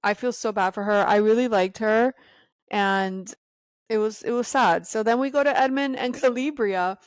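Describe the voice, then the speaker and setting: A woman's voice: a little high, normal speed, clean tone, no room sound. Sassy woman ranting on her podcast. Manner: opinionated, sassy, ranting with laughs. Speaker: podcast host. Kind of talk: solo podcast commentary.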